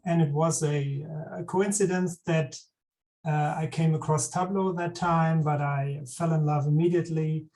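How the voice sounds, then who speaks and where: A middle-aged German-accented man presents to a user group over a video call. His pitch stays flat, he pauses and restarts often, and his voice sounds set back from the mic. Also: far from the mic, poor audio. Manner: relaxed, hesitant with many fillers and restarts. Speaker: guest speaker, business professor. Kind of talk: conference presentation.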